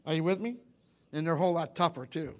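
A man's voice: on the high side, fast talker. A man preaching a sermon in church, emphatic and repetitive, often questioning the congregation. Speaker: pastor.

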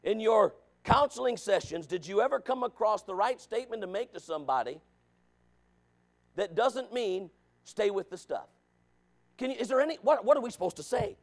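A man preaching a sermon, asking the congregation questions and calling for amens, dropping to low asides and rising to shouted points. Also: expressive, moderate pace. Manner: preaching with rhetorical questions and calls of amen.

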